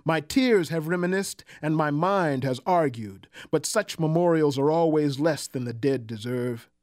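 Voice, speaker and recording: A man voicing a weary, embittered war veteran with a raspy voice, speaking slowly and gravely. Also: on the high side, darkish tone, no echo, studio quality, lightly acted. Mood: somber. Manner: slow, grave, reflective.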